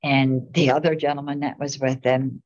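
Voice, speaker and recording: A woman's voice: very deep voice, flat delivery, normal speed, darkish tone. A middle-aged woman and town commissioner, rambling through casual anecdotes at a meeting. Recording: dull lo-fi meeting recording.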